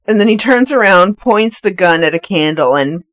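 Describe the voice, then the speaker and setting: A woman's voice: mid-range voice, animated, normal speed, a bit bright, dry recording, clean studio sound. A woman co-hosting a podcast, chatting casually about a film and filling in plot details. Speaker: podcast co-host. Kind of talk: casual movie recap chat.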